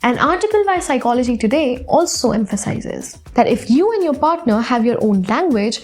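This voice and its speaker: Give me a playful woman narrating a science explainer, bright high voice and lots of bounce in it. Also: sing-song, moderate pace, soft background music.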